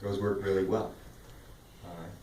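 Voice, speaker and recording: A man coaching speech and debate students, upbeat and demonstrative as he walks through vocal warm-up drills. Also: low-pitched, flat delivery, normal speed. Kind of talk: instructional talk. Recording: roomy sound from a distant mic.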